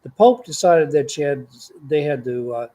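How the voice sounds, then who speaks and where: Older grandpa rambling along, kinda high but mellow voice. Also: male voice, expressive, normal speed. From Texas. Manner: rambling, folksy, meandering. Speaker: grandfather podcast host. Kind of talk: casual storytelling chat.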